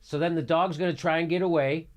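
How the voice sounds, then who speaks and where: A man's voice: a little high, fast talker, over loud music. A middle-aged man hosting a show, chatting jokily and laughing as he comments on a video. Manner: jokey, animated, laughs often. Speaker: host. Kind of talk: casual comedic commentary.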